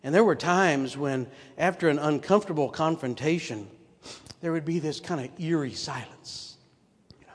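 A man's voice: on the high side, normal speed. An older man preaching a sermon, earnest and full of rhetorical questions to his listeners. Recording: long hall reverb.

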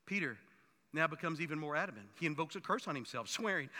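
A male pastor delivers a sermon with emphatic, building force. His voice sits high and sounds sharp and very bright. A long reverb trails behind him, as in a large hall. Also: fast talker.

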